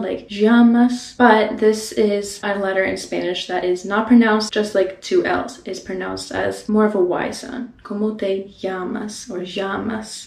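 A woman giving a casual beginner language lesson, patiently repeating phrases slowly and laughing lightly now and then. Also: mid-range voice, darkish tone. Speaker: language teacher. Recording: roomy echo.

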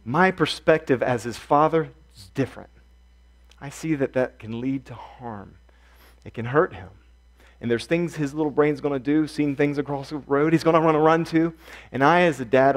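Pitched somewhat high and speaking at normal speed, a male pastor gives a sincere sermon. His delivery alternates between quiet, gentle stretches and booming, emphatic moments, with key phrases said again and again.

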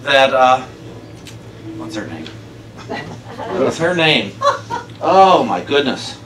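A man's voice: medium pitch, very animated, drawn-out words. A man giving a casual, conversational sermon, telling a story with frequent laughter. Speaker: minister. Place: church sanctuary. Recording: echoey hall, far from mic, noisy.

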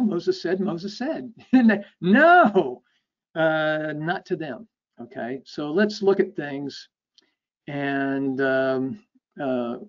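A man delivers an academic lecture in a fairly high voice, walking listeners through each point and checking in with "okay?". He often stops and restarts mid-sentence. The recording is dull and lo-fi. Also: a little mellow. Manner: explanatory, checks in with frequent "okay?"; halting, with repeated restarts.

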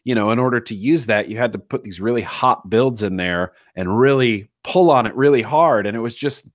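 A man's voice: medium pitch, a little fast, no room sound, clean studio sound. A man talking as a guest in a casual interview, enthusiastic and repeating phrases for emphasis. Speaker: guest, atomizer designer.

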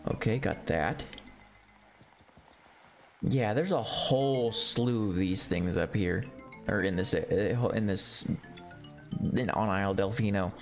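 A man live-streaming a retro platform game, chatting casually and reacting with excited, easily delighted commentary. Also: fairly low pitch, takes it slowly, long pauses. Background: faint game music.

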